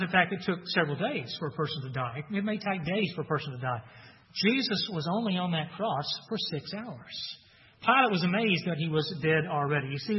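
A man preaching a sermon earnestly, rising loud for emphasis and dropping soft for weight. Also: a little high. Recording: dull sound with long hall reverb.

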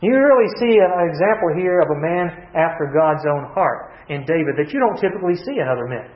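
A man's voice: fairly high pitch, expressive, brisk. A man preaching a conversational Bible sermon, earnestly repeating key phrases and asking the congregation questions before answering them. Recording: echoey dull-sounding room recording.

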